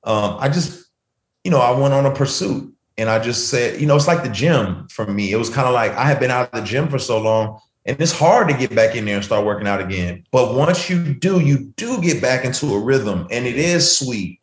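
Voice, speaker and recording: A man's voice: mid-range voice, animated, normal speed. A man speaking as a guest in a casual chat, reflective and easygoing with slangy asides. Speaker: guest artist. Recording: roomy echo.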